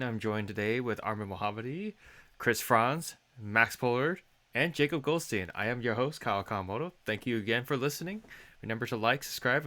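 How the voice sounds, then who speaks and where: Young guy host wrapping up the show, polite, bright voice. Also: mid-range voice. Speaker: podcast host. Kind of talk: scripted sign-off and casual chat.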